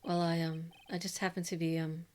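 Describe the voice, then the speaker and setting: A woman voicing a timid, nervous young male ventriloquist who speaks quietly and haltingly. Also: on the low side, flat delivery, slight background noise, voice pushed down, close to an everyday voice.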